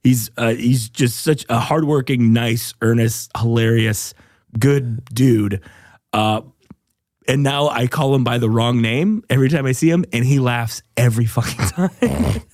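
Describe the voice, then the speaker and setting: A man's voice: medium pitch, measured pace, a little mellow, no room sound, clean studio sound. A man hosting a casual podcast chat, rambling loosely, swearing freely and laughing often. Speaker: podcast host.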